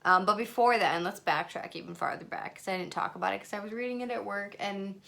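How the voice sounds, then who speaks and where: A woman's voice: mid-range voice, fast, vocal fry, a bit bright, a little hiss or hum. A young woman talks straight to her camera at home in a loose, chatty vlog. She swears freely, rambles through her thoughts and sometimes drops to a whisper. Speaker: book vlogger. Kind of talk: casual reading vlog. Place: at home, in bed and in a messy room.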